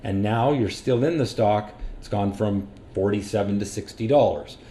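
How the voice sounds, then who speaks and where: A man's voice: lowish voice, normal speed, mellow, slight background noise. A man who runs a stock trading education channel, explaining risk and stop losses over a screen recording in a plain, practical teaching manner. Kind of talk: screen-share market lesson.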